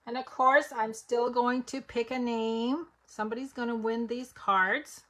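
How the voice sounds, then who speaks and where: A woman's voice: fairly high pitch, fairly even intonation, measured pace, a bit bright. A woman giving a live papercraft demonstration, chatting to viewers step by step as she works. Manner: chatty, step-by-step, talks to viewers while working. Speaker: papercraft instructor.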